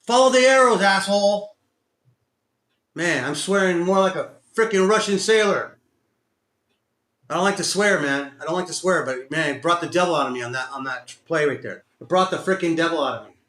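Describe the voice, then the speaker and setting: A man with a Texan accent streaming his day trading live, berating himself and cursing, swinging between loud outbursts and low muttering. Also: fairly quick. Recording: echoey room sound.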